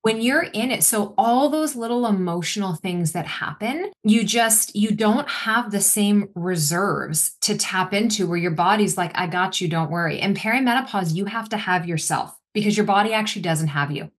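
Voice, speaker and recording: A woman in her forties, a nutritionist guest on a casual podcast interview, talking with energy and acting out what clients say. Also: medium pitch. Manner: energetic, quick, acts out quotes of clients.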